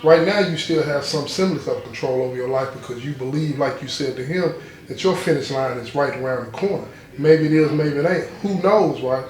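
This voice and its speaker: A man hosting a support group session, speaking in a relaxed conversational way with frequent restarts. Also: a little high, brisk. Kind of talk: group discussion. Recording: echoey room.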